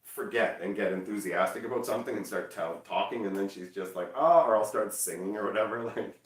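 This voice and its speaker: A man chatting casually on a livestream, loud and energetic, teasing his chat. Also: lowish voice, a little fast, roomy sound, recorded from a distance. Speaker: streamer.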